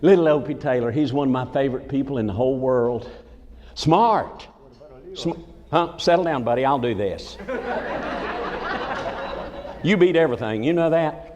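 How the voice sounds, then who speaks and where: A man's voice: medium pitch, moderate pace, pauses often, a little mellow. A man with a Southern US accent telling folksy comic stories to a live audience and teasing people in the crowd. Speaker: comedic entertainer. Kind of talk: stand-up storytelling in a folksy character. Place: large conference hall with a live audience. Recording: echoey hall.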